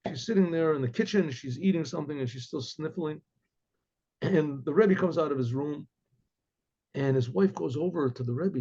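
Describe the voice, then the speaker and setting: Gravelly rabbi telling a rambling story. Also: male voice, fairly high pitch, animated, fairly quick, mellow. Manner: rambling, with frequent restarts and throat clearing. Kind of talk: casual oral storytelling. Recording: dull lo-fi recording.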